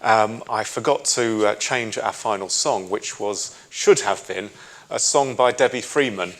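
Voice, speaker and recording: A middle-aged man with a British accent, a rabbi leading a synagogue service and reading memorial names in a measured, solemn way with gentle asides. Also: on the low side. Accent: British English. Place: synagogue sanctuary.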